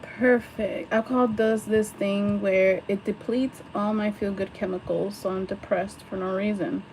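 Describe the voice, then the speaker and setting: Slow-talking young woman livestreaming. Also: mid-range voice, steady tone, a little mellow, a little hiss or hum, low-quality recording. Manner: rambling, laughing, swears. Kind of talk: casual livestream chat while doing makeup. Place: home, at a vanity mirror.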